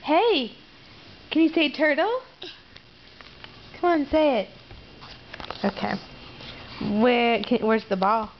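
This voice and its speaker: A woman's voice: high-pitched, very animated, slow pace, pauses often, highs cut off, slight background noise. A young mother at home, talking sing-song baby talk and coaxing her toddler, laughing often. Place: family home.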